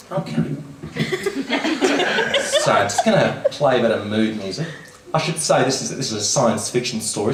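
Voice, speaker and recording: A man's voice: medium pitch, slight background noise. A man doing live comedy storytelling in a theatrical, camp manner with frequent giggles. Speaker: comic storyteller. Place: small live performance venue. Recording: echoey venue, far from mic, music.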